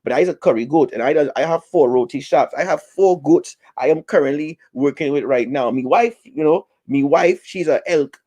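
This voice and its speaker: A man's voice: a little high, normal speed, hardly any pauses, warm tone, natural voice. A man voicing a boastful male curry goat who runs a shop and an advice hotline, with a put-on West Indian accent and a lecturing, exclaiming manner. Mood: advising. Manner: exclaiming, lecturing, sing-song.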